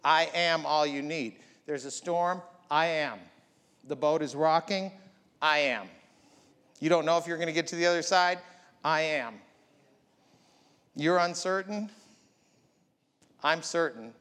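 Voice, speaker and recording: A man's voice: a little high, measured pace, long pauses, a bit bright. A man preaching a sermon as pastor, building up with emphatic repeated lines. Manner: preaching with rising, emphatic repetition. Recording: long hall reverb.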